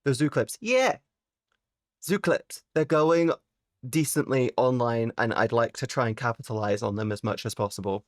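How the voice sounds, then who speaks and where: A woman live streamer chatting casually with her viewers, playful and teasing, swearing freely and jumping suddenly into high squeaky exclamations. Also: normal speed, no room sound, studio quality.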